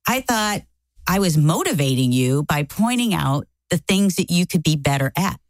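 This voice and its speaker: Middle-aged woman, lively storyteller, lowish voice with a wide swing, dry close sound. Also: normal speed, no room sound. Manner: animated, acts out quoted lines. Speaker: co-host. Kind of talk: casual storytelling chat.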